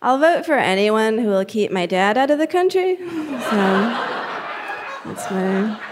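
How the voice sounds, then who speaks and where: A young woman from New Jersey doing a stand-up comedy set, with a deadpan, halting delivery full of fillers. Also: on the high side, very noisy.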